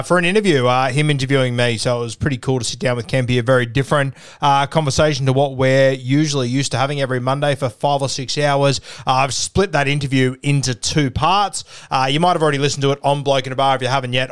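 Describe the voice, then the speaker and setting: An Australian man hosting a podcast, introducing the episode in a relaxed, chatty way. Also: mid-range voice, smooth, no echo, studio quality. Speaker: podcast host.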